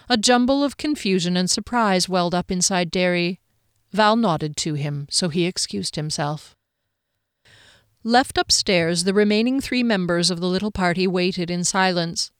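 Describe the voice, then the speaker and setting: A woman narrating a fantasy novel aloud in a calm, even storytelling manner. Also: moderate pace, clean tone, dry recording, clean studio sound. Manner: calm, even storytelling that shifts pitch for quoted characters.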